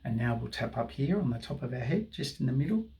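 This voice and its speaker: A man's voice: mid-range voice, animated, fast, creaky, warm tone. A man guiding viewers through a tapping session, speaking affirmations for them to repeat. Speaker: tapping guide.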